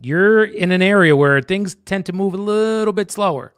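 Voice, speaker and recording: A man's voice: sits high, moderate pace, fairly bright tone, clean tone, no room sound, clean studio sound. A man from New Jersey co-hosting a casual real estate chat, rambling and restarting his sentences, calling his partner brother. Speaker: real estate agent, co-host.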